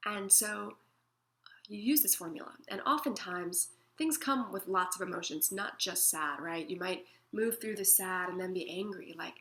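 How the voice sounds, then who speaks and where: A woman guides listeners through a self-help practice in a gentle, soothing manner. Her voice is bright and tense-edged, at a middle pitch for a woman, and she slips into small acted-out moments of feeling. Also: normal speed. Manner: gentle, soothing, acts out feelings in quoted asides. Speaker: emotional wellness teacher.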